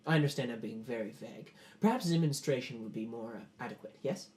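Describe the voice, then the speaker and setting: A man playing a smooth, ambitious nobleman who speaks formally and hesitates often. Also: medium pitch, fast, a little mellow, close to an everyday voice. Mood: scheming.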